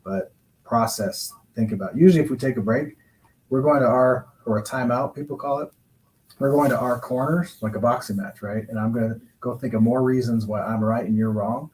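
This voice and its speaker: A man speaking as a guest counselor, explaining relationship advice in a measured, reflective way. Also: mid-range voice, darkish tone, a little hiss or hum, rough recording. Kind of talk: calm advice-giving talk.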